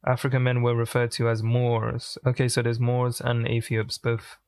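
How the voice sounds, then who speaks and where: Man musing aloud in a flat tone. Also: medium pitch, no room sound. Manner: thinking aloud, musing and pausing. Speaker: music reaction host. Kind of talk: casual commentary.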